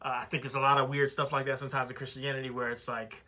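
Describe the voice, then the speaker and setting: A man's voice: medium pitch, little pitch movement, fast, bright, forceful tone. A young adult man giving a casual, conversational album review, with loose phrasing and lots of fillers.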